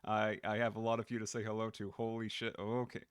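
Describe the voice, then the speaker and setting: A man live-streaming a video game in casual chat, goofy and excitable, swearing and greeting his chat by name. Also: fairly low pitch, fast, clear, resonant tone, dry recording, studio quality. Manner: goofy, excitable, swears, drops into silly voices.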